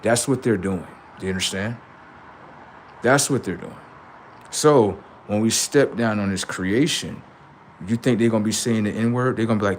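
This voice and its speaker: A man hosting a live stream and talking to his chat in a rambling, preachy way, full of profanity and street slang, dropping to low mutters and jumping up to high outbursts. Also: normal speed, a little hiss or hum. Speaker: livestream host.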